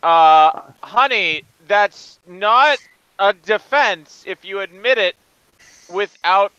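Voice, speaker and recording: Man, bright tense voice, very animated pitch, dry close sound, sarcastic banter. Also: takes it slowly, clean tone, no room sound, highs cut off. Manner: sarcastic, rambling, swears. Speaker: podcast co-host. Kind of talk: casual panel chat.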